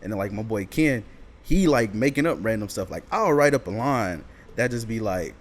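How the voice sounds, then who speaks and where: A young man talking casually as a podcast guest, relaxed and laughing as he acts out his friends. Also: on the low side, moderate pace. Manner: laid-back, animated when quoting friends. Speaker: podcast guest, comedy video creator. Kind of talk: casual chat.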